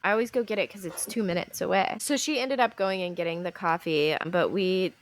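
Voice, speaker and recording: A woman's voice: lowish voice, brisk. A young woman co-hosting a podcast, telling stories in a casual chat, acting out quotes with a laugh. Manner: animated storytelling, acting out quotes, laughs often. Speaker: podcast co-host.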